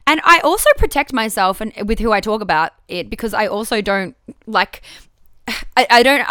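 A woman's voice: medium pitch, pushed and bright, smooth, dry recording, clean studio sound. A woman hosting a casual solo podcast, talking candidly and swearing freely, with frequent restarts. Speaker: podcast host.

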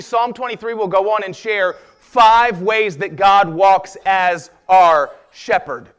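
A man preaching a sermon as pastor, energetic and emphatic. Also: sits high, clean tone.

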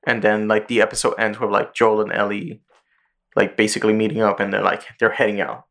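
A man's voice: fairly low pitch, little pitch movement, brisk, gravelly, a bit bright. A man hosting a podcast in casual chat, loosely retelling a show's plot with plenty of swearing. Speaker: podcast host.

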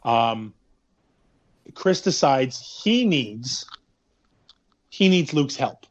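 A man's voice: mid-range voice, very animated, very slow, dull audio. A man casually recapping a film, rambling and sarcastic, swearing freely. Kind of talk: casual movie recap chat.

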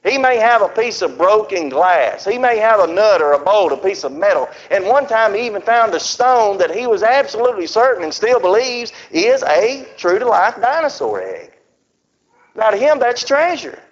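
Man preaching a sermon, high voice, drawn-out emphatic scripture reading, dull lo-fi sound. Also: sing-song. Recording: dull lo-fi recording.

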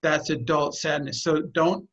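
A man's voice: a little high, fairly even intonation, measured pace, a bit bright, highs cut off. A man leading a group call, talking in a direct, blunt and emphatic way as he coaches the participants. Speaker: group facilitator.

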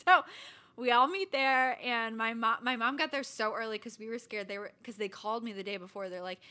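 A woman with a fairly high, bright, crisp voice, chatting casually as a podcast co-host. She tells her stories in a loose, rambling way and laughs often. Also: a little fast. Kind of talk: casual chat.

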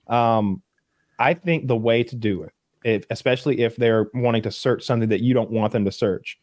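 A man's voice: mid-range voice, moderate pace, a little mellow, dry recording, studio quality. A man talking casually on a podcast, acting out quotes in raised voices. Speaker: podcast co-host. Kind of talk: casual chat.

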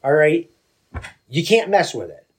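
A man's voice: a little high, big pitch swings, measured pace, low-quality recording. A man in a casual religious discussion who argues insistently, restarting his sentences as he pushes his point. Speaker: panelist in a faith discussion.

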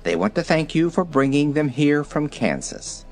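A storybook reader voicing a kind, eager young girl who speaks quickly and reassuringly. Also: medium pitch, sing-song, faint music behind, natural voice.

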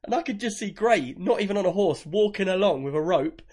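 A man's voice: high voice, a little fast. A man, telling a gaming story in casual podcast chat and acting out the other players. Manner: animated storyteller, acts out others.

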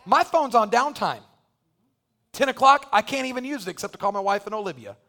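A man with a strikingly high voice preaching a sermon to his congregation. He moves from quick, joking asides to loud, fervent exhortation, pushing his voice up as he presses his point. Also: lively intonation, creaky. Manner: impassioned preaching that builds to shouting. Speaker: pastor. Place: church sanctuary.

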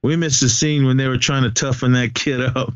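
A man's voice: medium pitch, fairly even intonation, normal speed, no room sound, lo-fi sound. Rambling, laughing man recapping a movie. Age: adult, has a son. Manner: rambling, laughs often, acts out movie quotes. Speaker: podcast co-host. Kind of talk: casual movie recap chat.

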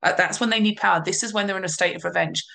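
A woman, a parenting coach giving advice in a podcast interview, explaining calmly with emphatic repeats. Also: mid-range voice, rapid-fire, gravelly.

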